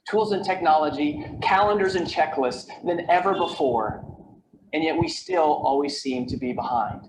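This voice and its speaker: High-voiced man giving a keynote talk. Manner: storytelling with rhetorical questions and repeated lists. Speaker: keynote speaker on time management. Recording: echoey video played over a call with background noise.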